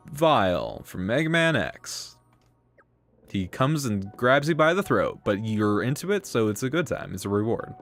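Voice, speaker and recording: A man's voice: medium pitch, very animated, unhurried, fairly bright tone. A man chatting casually while live-streaming a game, rambling with lots of fillers and playful slang. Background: game music.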